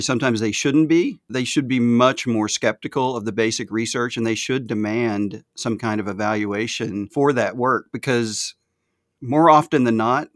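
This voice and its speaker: A man with a Southern US accent co-hosting an academic podcast, explaining research in a measured way. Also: medium pitch, no room sound, studio quality. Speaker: podcast co-host. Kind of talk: academic discussion.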